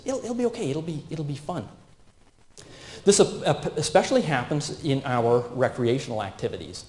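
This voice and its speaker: Brief: man in his 50s, conference safety talk, mellow tone, roomy hall. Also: mid-range voice. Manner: animated, asks the audience questions. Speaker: safety speaker. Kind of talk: conference presentation.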